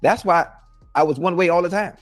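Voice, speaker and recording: A middle-aged man, a former football player, telling a story in a casual talk show, animated and addressing his co-host by name again and again. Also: sits high, a little fast, no echo, soft background music.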